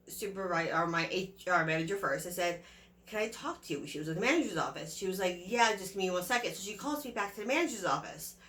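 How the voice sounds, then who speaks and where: Bright, chatty young woman in an echoey room. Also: lowish voice. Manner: chatty, rambling, many fillers and retold dialogue. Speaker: vlogger. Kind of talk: casual storytelling to camera.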